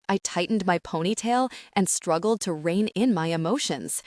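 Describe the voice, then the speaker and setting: Woman, first-person audiobook narration, emotional delivery, lower pitch, dry recording. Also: normal speed, few pauses, a little mellow, no echo. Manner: emotional, tearful dramatic reading. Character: hurt, furious young woman demanding answers.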